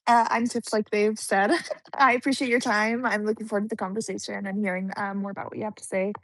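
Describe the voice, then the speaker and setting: A woman introducing herself in a live talk room, polite and brief. She talks quickly at a middle pitch. Her voice sounds dry and close. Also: level tone, dry recording, poor audio.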